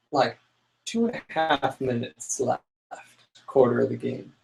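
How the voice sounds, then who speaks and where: A young man co-hosting a casual chat show, telling a story with lively, dramatic outbursts. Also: medium pitch, slow pace, vocal fry, long pauses, low-quality recording. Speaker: podcast co-host.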